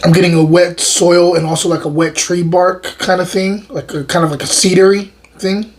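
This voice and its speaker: A man's voice: sits high, moderate pace. Upbeat man reviewing wine. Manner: relaxed and enthusiastic, repeats words, frequent "um". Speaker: wine reviewer and show host. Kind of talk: casual wine tasting review.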